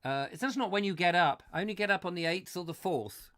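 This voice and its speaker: A man hosting a comic chat show, rambling and ranting excitably while reading out viewer comments. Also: high-pitched, fast talker, no room sound, clean studio sound.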